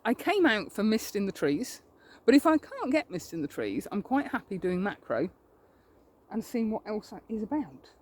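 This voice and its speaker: A woman's voice: medium pitch, a little mellow. A woman photographer chatting as she walks through woodland, thinking aloud in a self-deprecating way. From England. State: a little out of breath while walking. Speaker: landscape photographer. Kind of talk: outdoor vlog narration. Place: outdoors in woodland.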